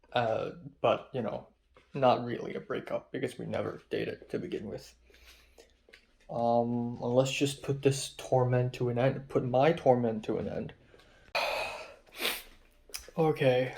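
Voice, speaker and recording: Frustrated young man venting in a video diary. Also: medium pitch. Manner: rambling, frustrated, swears often, retells arguments. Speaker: vlogger. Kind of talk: diary-style vlog.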